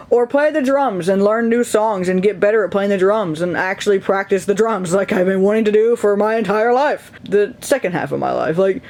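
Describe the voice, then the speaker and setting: A young man with a high speaking voice talks casually to his viewers from his bed. He rambles openly and laughs often between thoughts. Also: a little mellow. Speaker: video creator. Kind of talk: casual vlog chat. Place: his bedroom, lying in bed.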